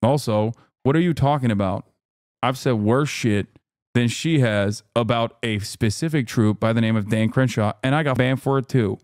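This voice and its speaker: A man's voice: mid-range voice, normal speed, darkish tone, no room sound, clean studio sound. A man streaming live, reading the news aloud and reacting to it in heated, profane, incredulous rants. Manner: reads news articles aloud between remarks. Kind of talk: livestream reaction commentary.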